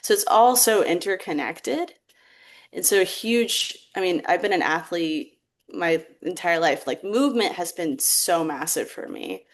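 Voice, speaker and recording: A young woman speaking on a podcast in a low-pitched, reflective voice. She talks casually, with plenty of "like" fillers, and laughs easily between thoughts. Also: lively intonation, unhurried. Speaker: therapeutic theatre practitioner, podcast guest.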